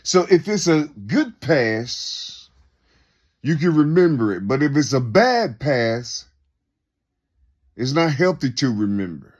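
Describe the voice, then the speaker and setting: In a very animated, mid-range voice, a man reflects slowly through a loose, unscripted monologue. He rambles conversationally, keeps asking rhetorical questions, and repeats his points.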